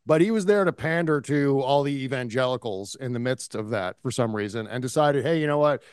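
A man's voice: medium pitch, brisk, a little mellow, clear, resonant tone, no room sound, studio quality. A man co-hosting a political podcast, talking in an impassioned, indignant way. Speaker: podcast co-host. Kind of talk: casual political chat.

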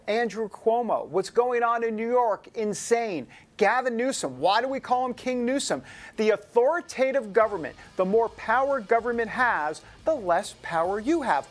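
A man hosting a political talk show, chatty with joking asides. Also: high voice.

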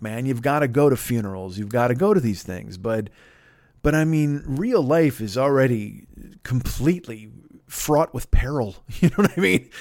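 A man delivering a rambling, profane comedic monologue as podcast host, stammering through restarts and shouting out bits. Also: fairly high pitch, no room sound, clean studio sound. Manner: shouts bits in put-on voices.

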